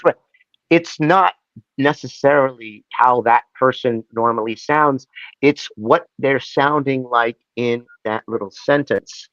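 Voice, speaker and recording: In a laid-back interview, this actor guest wanders through animated anecdotes, dropping into character voices. He speaks slowly at a medium pitch, and the recording is dry and lo-fi.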